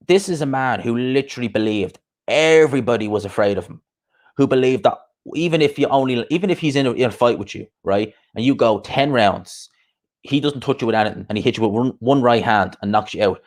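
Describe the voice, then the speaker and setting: A man's voice: mid-range voice, lively intonation, fairly quick. A man hosting a boxing live stream, ranting bluntly and profanely with lots of rhetorical questions. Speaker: boxing podcast host. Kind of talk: casual live stream rant.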